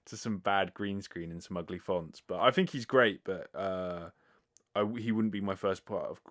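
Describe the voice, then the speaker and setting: A man's voice: deep voice, moderate pace, fairly bright tone. A man hosting a casual solo podcast, answering listener questions in a rambling, filler-heavy way with casual swearing, speaking close to a sensitive mic. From United Kingdom. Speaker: podcast host. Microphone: close sensitive microphone.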